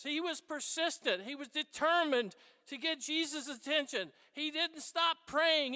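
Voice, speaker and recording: A Catholic priest giving an animated, conversational homily. His voice is very high and bright, and he talks easily with the congregation. The sound carries a long church reverb. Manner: animated, conversational preaching with asides.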